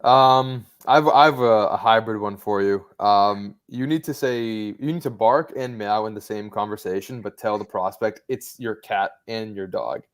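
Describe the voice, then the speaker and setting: A man's voice: on the low side, a little slow, few pauses, smooth. A man co-hosting a stream, teasing his partner and reading out silly challenges. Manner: teasing, playful. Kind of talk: casual banter.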